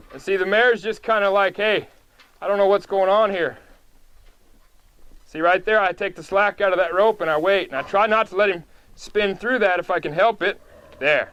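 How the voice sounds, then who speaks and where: A man working as a horse trainer, calmly and patiently explaining each step of a live demonstration in an outdoor pen. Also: high voice.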